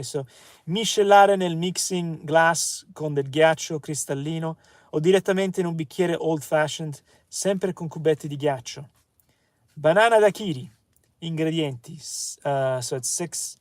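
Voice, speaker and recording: A man hosting a comedy channel, reading cocktail recipes aloud in a casual, halting way, with fillers, self-corrections and slow sounding-out of foreign words. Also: fairly high pitch, dry recording. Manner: slows to sound out Italian words.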